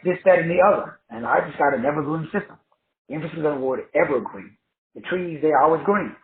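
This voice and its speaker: A high-voiced man lectures his class in a preachy, repetitive, colloquial way. The sound is tinny and narrow, as if over a phone line. It rings in an echoey room. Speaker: online teacher and host. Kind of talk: motivational lecture.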